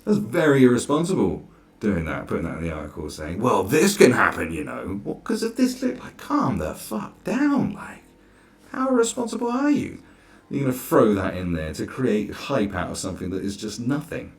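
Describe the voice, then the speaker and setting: A man's voice: mid-range voice, very animated, normal speed, darkish tone. A man ranting sarcastically through a reaction commentary, exasperated and swearing freely. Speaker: commentary vlogger.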